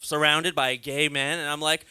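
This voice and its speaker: A man's voice: a little high, flat delivery, normal speed, pushed and bright, smooth, dry recording. A man in casual chat, telling an anecdote in a self-mocking way.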